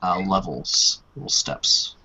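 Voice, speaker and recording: Slow-talking man running a tabletop game. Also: sits low, bright, forceful tone, breathy edge. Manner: slow, unhurried, with many fillers. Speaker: dungeon master. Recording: dull lo-fi sound.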